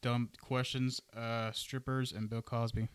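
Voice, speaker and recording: A man's voice: mid-range voice, flat delivery, a little slow, smooth, dry recording. A man co-hosting a casual podcast, making short blunt remarks. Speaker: podcast co-host. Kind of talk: casual chat.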